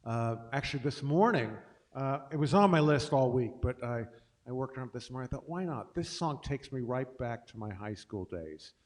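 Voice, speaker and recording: A man's voice: mid-range voice, animated, normal speed. A middle-aged man hosting a casual livestream, chatting between songs in a rambling, self-deprecating way. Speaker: host and singer-pianist.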